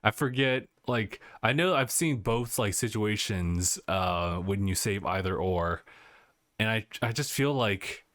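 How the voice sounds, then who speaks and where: A man's voice: lowish voice, animated, measured pace, fairly bright tone, no echo, studio quality. A man co-hosting a podcast, chatting casually about video games, laid-back and laughing often, trailing off mid-sentence. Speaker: podcast co-host.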